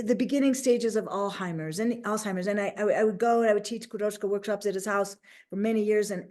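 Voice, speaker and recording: Woman coach chatting, lively, slips into silly voices, voice on the high side. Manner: animated, acts out little quoted voices. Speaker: host and life coach. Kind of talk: casual interview chat.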